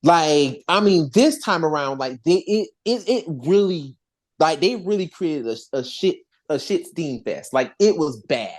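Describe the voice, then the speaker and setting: A podcast host in casual chat, talking in an animated, rambling way with frequent restarts and swearing. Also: mid-range voice, unhurried.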